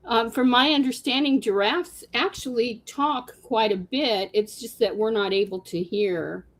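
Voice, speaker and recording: A woman appearing as a guest on a call-in show, explaining things in a measured, earnest way. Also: on the high side, low-quality recording. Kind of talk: casual call-in chat.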